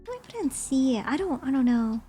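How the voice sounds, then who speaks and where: A woman's voice: high voice, sing-song, brisk, mellow, slightly rough, soft background music. A young woman streamer chatting casually and rambling as she ranks movies, often giggling.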